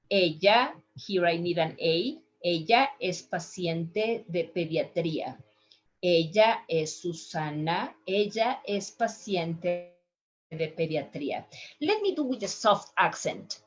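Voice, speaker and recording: A woman teaching Spanish to healthcare workers, saying each word slowly three times for listeners to copy. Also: mid-range voice, dull audio. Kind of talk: language lesson for healthcare workers.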